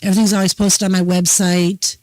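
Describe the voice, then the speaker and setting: An older woman hosting a casual talk show, her voice sitting at a middle pitch. She talks in a folksy, unhurried, storytelling way. The sound is dry and close, with no room echo. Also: level tone, darkish tone. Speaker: host. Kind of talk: casual chat.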